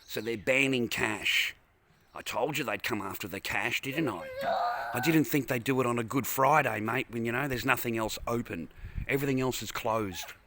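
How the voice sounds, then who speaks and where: An Australian man in a parked car ranting into the camera. His voice is bright and forceful, and he swears constantly and repeats himself as he vents. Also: medium pitch, normal speed, slight background noise. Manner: angry, profane, repetitive ranting. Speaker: vlogger. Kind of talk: angry ranting vlog.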